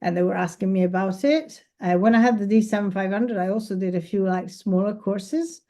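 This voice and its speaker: Woman photographer, chatty, enthusiastic, casual presentation, mid pitch. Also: fairly quick, mellow. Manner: chatty, enthusiastic, laughs easily. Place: event space.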